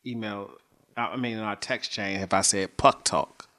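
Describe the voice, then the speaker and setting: A man's voice: lowish voice, moderate pace, sharp tone. Laid-back man on a sports podcast. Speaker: podcast co-host. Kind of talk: casual chat.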